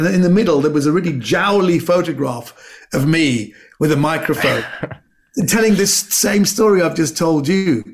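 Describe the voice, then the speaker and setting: Gravelly animated British comedian storyteller. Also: male voice, fairly high pitch. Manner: animated anecdotes with acted-out quotes and stammered restarts. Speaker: comedian guest. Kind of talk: storytelling in casual chat.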